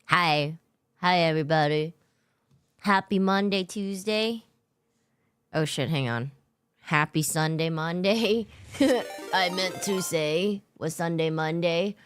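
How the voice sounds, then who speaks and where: Giggly tired woman streamer, smooth voice. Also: on the low side, slow pace, pauses often, faint music behind. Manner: loose and giggly, swears casually, greets chatters by name. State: tired after work. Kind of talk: casual chat with live viewers.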